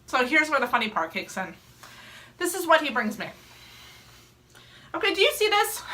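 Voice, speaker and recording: A young adult woman telling a personal story in a casual vlog, animated and laughing often as she acts out her own quotes. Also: high-pitched. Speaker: mom vlogger telling a story.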